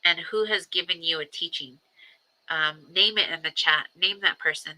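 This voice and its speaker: A woman who is a grandmother, hosting a personal livestream and talking reflectively, with frequent ums, pauses and repeated phrases. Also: fairly low pitch, bright, forceful tone, rough recording. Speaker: livestream host. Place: home livestream.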